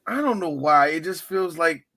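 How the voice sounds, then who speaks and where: A man co-hosting a podcast in casual chat, loud, laughing and crude in his banter. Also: fairly high pitch, expressive, normal speed, vocal fry. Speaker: podcast co-host.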